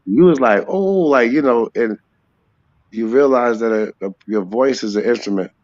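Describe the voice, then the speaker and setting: A man's voice: mid-range voice, normal speed, darkish tone, muffled recording. A man from New York, a rapper guest, talking loosely in a casual interview and drifting from one thought to the next. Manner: rambling, sings snatches of songs.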